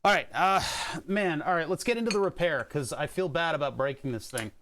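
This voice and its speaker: A man chats through a livestream from his home workshop on a desk mic, rambling loosely and cracking self-mocking jokes as he works. His voice sits a little high for a man. His delivery is casual and unscripted. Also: fairly quick, fairly bright tone, slight background noise. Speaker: streamer. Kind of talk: casual livestream chat while working on electronics.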